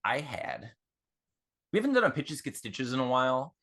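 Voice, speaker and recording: Rambling, animated male podcast co-host. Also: medium pitch, moderate pace. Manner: rambling, many fillers and restarts. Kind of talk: casual chat.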